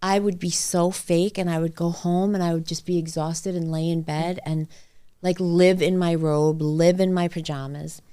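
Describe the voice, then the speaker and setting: A woman with a fairly low voice who hosts a podcast. She tells personal stories in an animated, blunt way and swears without holding back. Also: normal speed, clean tone. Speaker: podcast host. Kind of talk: casual conversation, storytelling.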